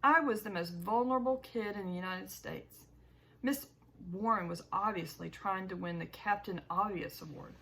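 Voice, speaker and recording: Woman narrator for a first-person audiobook, gravelly texture, mid pitch, expressive. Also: moderate pace. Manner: expressive, emotional storytelling.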